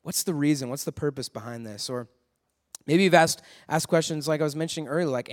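A man with a high, light voice gives a casual sermon to young people. He tells stories and keeps asking his listeners questions. His voice carries a long reverb from a large church hall. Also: fairly quick. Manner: conversational, storytelling, asks the crowd questions. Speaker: youth pastor. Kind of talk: sermon to students.

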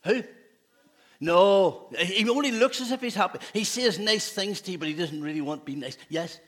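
A man's voice: high-pitched, normal speed, a bit bright. A man, a pastor giving a playful children's talk in a church service, asking the children questions. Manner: playful, asks children questions, laughs often.

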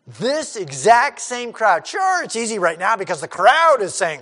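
A man preaching an expository sermon who acts out crowd voices and swings from loud to hushed. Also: high voice, very animated, normal speed. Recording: hall reverb.

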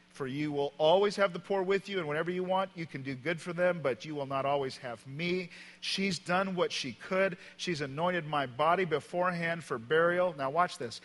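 A man preaches in a church auditorium, his fairly high voice bright and forceful. He tells stories with emphasis, swinging between loud passages and quiet ones. The sound carries a long reverb from the large room. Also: normal speed. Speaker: pastor. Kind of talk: sermon.

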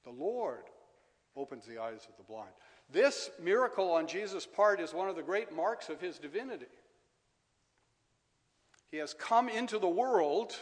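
A male preacher delivering a measured sermon in a church, letting key phrases fall soft and repeating them for emphasis. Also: sits high. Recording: long reverb of a large hall.

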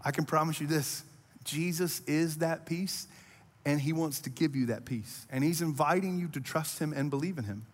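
A man's voice: a little high, normal speed, long reverb tail. A man preaching a sermon as pastor, earnest and conversational, building to impassioned rising appeals. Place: church auditorium.

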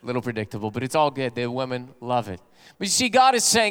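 Middle-aged male pastor, high, light voice, storytelling preacher who plays out quotes and jokes. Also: lively intonation, fast talker, a bit bright, smooth. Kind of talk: sermon.

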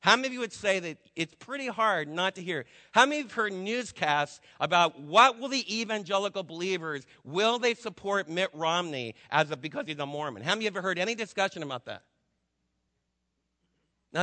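Male pastor from New Jersey, chatty sermon delivery, bright voice, echoing hall. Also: high-pitched, animated, brisk. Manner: conversational preaching with asides and rhetorical questions. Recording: long hall reverb.

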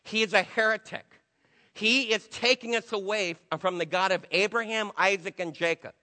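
High, bright-voiced preacher in a hall. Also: male voice, normal speed. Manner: emphatic, conversational preaching with acted quotes. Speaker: pastor. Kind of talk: sermon.

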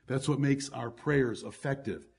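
A man's voice: mid-range voice, measured pace, gravelly, a little mellow, breathy edge. A male pastor preaching a sermon to his congregation, reading scripture aloud and stressing key words.

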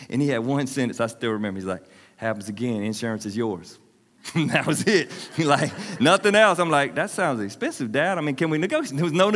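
A man's voice: on the high side, in a large hall. A man in his forties preaching a sermon, telling stories with humor and laughing often. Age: 40s. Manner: animated, storytelling with humor and laughs. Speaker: pastor. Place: church hall with congregation.

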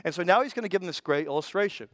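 A man's voice: sits high, animated, rapid-fire, a bit bright, dry recording. An older man, a pastor, preaching a sermon in a conversational way, with folksy asides and frequent stammered restarts.

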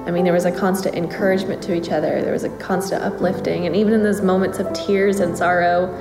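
A woman reflects warmly in a documentary interview. Her voice is slightly low and echoes in the room. Music sits clearly beneath her. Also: little pitch movement, fast talker.

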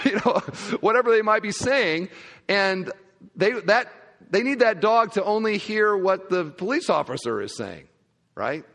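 A male pastor preaching a sermon, telling a humorous story in a conversational, animated way. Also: sits high. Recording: long hall reverb.

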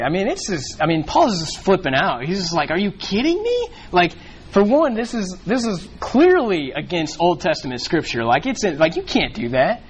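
A man's voice: a little high, slight background noise, rough recording. A man leading a casual bible study, talking in a rambling way with many restarts and fillers.

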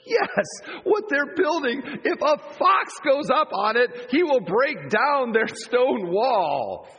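A man preaching, putting on a loud, eager voice for a foolish male sidekick who jumps in to jeer. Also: extremely high pitch, very animated, takes it slowly, breathy edge, lo-fi sound, voice pushed up, full character voice. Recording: long church hall reverb.

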